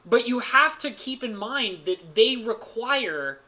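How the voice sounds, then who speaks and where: Speaking slowly in a very high-pitched voice, a male streamer shares an excited, laid-back card game story full of "like" fillers and sudden laughs.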